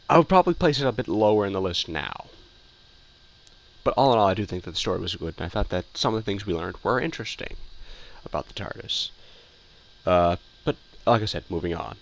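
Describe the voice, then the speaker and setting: A man's voice: lowish voice, gravelly, a bit bright, dull audio. A man casually giving a rambling opinion review, full of fillers, restarts and repeated phrases. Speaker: video reviewer.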